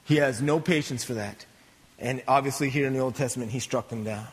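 A man pastor preaching a sermon in a church, conversational and animated, with joking asides. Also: mid-range voice, brisk, in a large hall.

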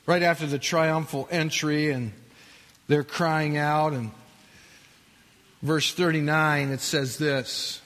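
A male pastor preaching a sermon. He declaims with emphasis and drops into quieter asides. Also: fairly high pitch, fairly even intonation, slow pace, pauses often. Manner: emphatic, rises and falls between loud declaiming and quiet asides. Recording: long hall reverb.

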